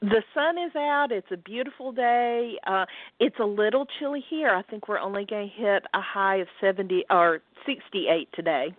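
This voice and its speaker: A woman with a Southern US accent, a guest on a radio show, explaining things clearly and in a friendly way. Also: mid-range voice, expressive, moderate pace, no room sound. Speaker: guest, communications specialist. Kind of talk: radio interview answers. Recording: dry phone line.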